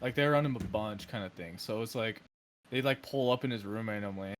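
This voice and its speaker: A young man co-hosting a podcast, explaining in quick, halting bursts with many restarts. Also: fairly low pitch, a little hiss or hum. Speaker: podcast co-host. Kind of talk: casual chat.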